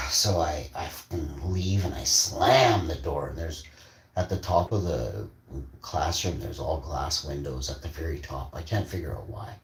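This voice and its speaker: A man's voice: extremely low pitch, expressive, unhurried. A man telling rambling, profane, boastful stories in a casual rant. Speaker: vlogger. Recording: echoey room, faint background noise.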